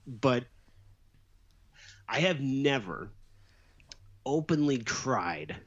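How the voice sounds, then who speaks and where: A middle-aged man in a casual chat, an animated storyteller who also answers quickly as a listener. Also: medium pitch, husky. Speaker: podcast co-host. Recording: slightly dull, lo-fi sound.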